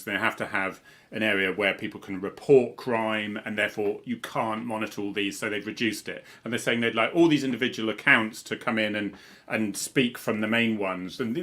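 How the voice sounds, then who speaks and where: His voice sits lowish, bright and forceful: a middle-aged ex-policeman from Cornwall, England, co-hosting a relaxed conversation on a video call. He rambles along, chuckling whenever he corrects himself.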